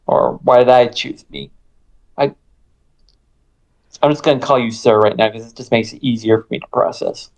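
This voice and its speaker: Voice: mid-range voice, fairly even intonation, normal speed, creaky, long pauses, a little mellow, lightly acted, low-quality recording. A player voicing a young, self-doubting starship officer who is flustered and unsure. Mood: bewildered.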